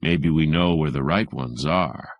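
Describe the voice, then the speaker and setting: A man voicing a big, gruff police detective who bullies in tough slang, with a low voice. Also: a little slow, no room sound, muffled recording. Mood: menacing.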